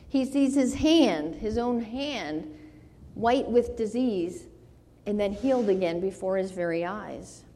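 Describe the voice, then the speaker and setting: Woman preacher, mellow and unhurried, in a church with long reverb. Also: fairly high pitch. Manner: slow earnest preaching, rising to pleading in quoted scripture. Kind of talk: sermon.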